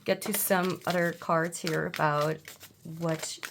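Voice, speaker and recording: Woman tarot reader, casual reading from home; lowish voice, stop-start delivery, slightly noisy room. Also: fairly even intonation, gravelly, a bit bright. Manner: halting, full of fillers and restarts; blunt, irritated outbursts. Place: home, seated.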